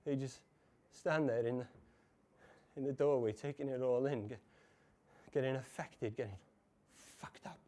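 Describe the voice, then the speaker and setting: An actor in a live stage monologue playing a tormented man who caught his wife cheating. He stammers, repeats broken phrases, and swings between hushed murmurs and shouts. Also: mid-range voice, measured pace, long pauses, natural voice. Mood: haunted. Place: café bar stage before a live audience.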